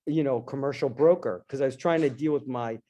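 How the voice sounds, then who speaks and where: A middle-aged man, a guest in an interview, telling a personal story in an animated, casual way and acting out his own past lines. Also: medium pitch, fairly quick. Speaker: interview guest, dentist and investor.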